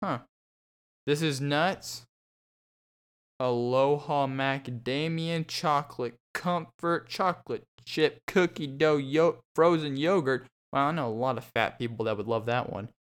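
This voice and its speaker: A young man talks alone into his podcast mic, loose and rambling, full of ums and restarts. His voice is smooth and clear, set in a middle pitch. He jokes his way through his segment. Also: unhurried. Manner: rambling and jokey, with many fillers and restarts. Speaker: podcast host. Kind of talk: solo podcast monologue.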